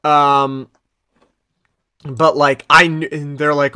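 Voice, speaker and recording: A man's voice: on the high side, little pitch movement, slow pace, long pauses, bright, forceful tone, smooth, no room sound. Rambling man with a dry, close sound. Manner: rambling, loose, with many fillers and restarts. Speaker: podcast co-host. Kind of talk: casual recap chat.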